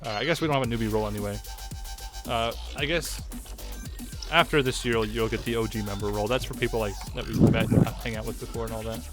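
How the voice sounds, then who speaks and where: A man hosting a casual group voice chat, friendly and quick to laugh. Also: lowish voice, fairly even intonation, faint music behind.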